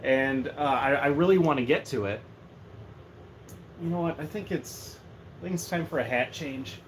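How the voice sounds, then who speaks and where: A man's voice: a little high, moderate pace. A man chatting casually and jokily on a livestream from a room at home, rambling from one thing to the next. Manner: rambling, joking, animated. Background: faint heater hum.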